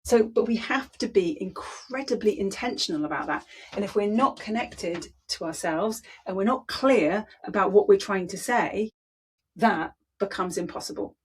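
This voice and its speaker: Brief: woman speaking coach, slightly husky voice, emphatic and demonstrative delivery. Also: mid-range voice, animated, moderate pace. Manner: demonstrative, emphatic, repeats words for effect. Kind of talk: presenting a training talk.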